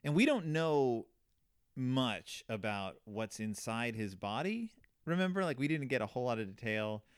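Animated man hosting a book chat. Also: mid-range voice, clean tone, no room sound, clean studio sound. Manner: animated, quick to act out quotes. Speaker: podcast host. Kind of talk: casual book discussion.

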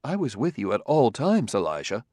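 A man voicing a calm, precise robot detective. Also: medium pitch, no room sound, clean studio sound. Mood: composed. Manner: measured, formal and logical.

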